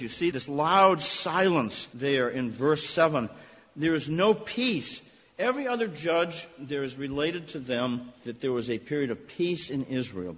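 A man's voice: medium pitch, a bit bright, breathy edge. A man preaching a sermon to his congregation, earnest and emphatic, stressing key words. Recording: long reverb, muffled lo-fi sound.

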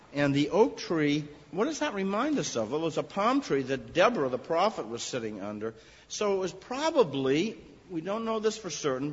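A man preaching an expository sermon, animated and raising his voice on quoted lines. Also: a little high, husky. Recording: dull lo-fi recording with long hall reverb.

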